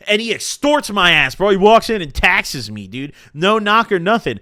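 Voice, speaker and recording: Profane, animated young man on a stream. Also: high-pitched, quick pace, clear, resonant tone, no room sound, clean studio sound. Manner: profane, animated storytelling with slang. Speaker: podcast host. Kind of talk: casual live-stream chat.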